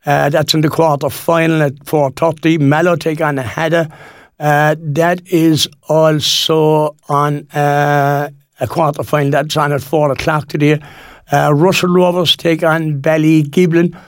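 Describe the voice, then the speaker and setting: A man's voice: a little high, little pitch movement, a little slow, no room sound, studio quality. A Cork Irish man in his sixties presenting local radio in a rambling, folksy chat full of fillers and restarts. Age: 60s.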